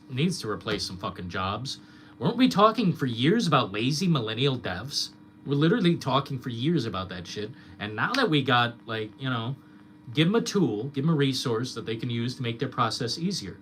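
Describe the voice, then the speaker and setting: A man's voice: medium pitch, very animated, fairly quick, fairly bright tone, slight background noise. A young man streamer ranting in casual chat, swearing a lot and mocking his critics.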